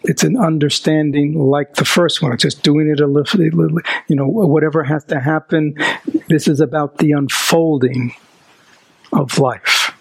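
A man with a gravelly, slightly husky voice, pitched a bit high, gives a Buddhist dharma talk. He keeps quizzing his listeners and sometimes whispers for emphasis. The sound is dry and close. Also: normal speed, no room sound, poor audio. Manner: animated, asks the audience rhetorical questions. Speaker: dharma teacher.

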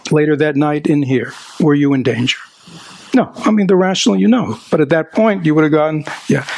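Male seminar speaker, gravelly, higher-pitched, patient and probing, repeats his questions. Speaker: workshop speaker coaching a participant. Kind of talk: live seminar talk with audience exchange.

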